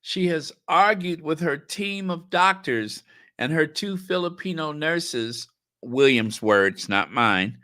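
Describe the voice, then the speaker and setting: A man's voice: on the high side, expressive, slow, bright, forceful tone, dry recording, studio quality. A man hosting sarcastic gossip commentary, drawing out his words with sardonic emphasis and reading headlines and viewer comments aloud. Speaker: commentary channel host.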